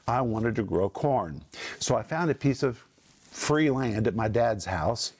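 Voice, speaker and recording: A middle-aged man teaching from the Bible on a talk program, emphatic and repeating key phrases with slow stress. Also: medium pitch.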